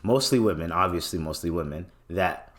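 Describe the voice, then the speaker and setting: A young man from Canada hosting a solo podcast, rambling in a relaxed way with lots of slang and swearing. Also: low voice, moderate pace. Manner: laid-back, swears often, slangy, rambling. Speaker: podcast host. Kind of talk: casual solo podcast talk.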